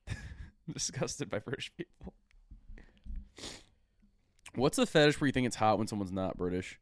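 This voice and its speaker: Excitable, profane man riffing on a podcast. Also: mid-range voice, a little slow, no room sound, clean studio sound. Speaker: podcast co-host. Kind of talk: crude comedic podcast banter.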